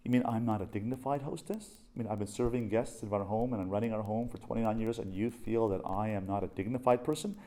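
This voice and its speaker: A man voicing his middle-aged wife as easily offended, asking hurt, hushed questions. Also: on the low side, fast, few pauses, natural voice. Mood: indignant.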